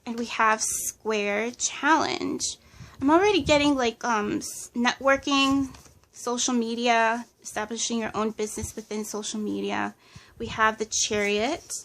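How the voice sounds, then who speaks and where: A woman's voice: fairly high pitch, fairly even intonation, a little slow, a bit bright, a little hiss or hum. A woman giving a pick-a-card tarot reading in a casual, hesitant way, listing impressions with many fillers. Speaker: tarot reader.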